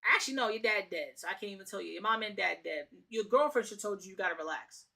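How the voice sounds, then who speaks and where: Bright, heated New streamer woman. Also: medium pitch, expressive, fast, gravelly. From The Bronx, New York. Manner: heated, profane, slangy, repeats phrases. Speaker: streamer host. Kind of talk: casual reaction commentary.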